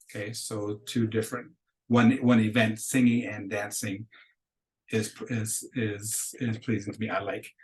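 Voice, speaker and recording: A man's voice: on the low side, little pitch movement, unhurried, low-quality recording. A man teaching a beginner Spanish class, patiently explaining grammar step by step and modeling phrases for the class to repeat. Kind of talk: recorded classroom lecture.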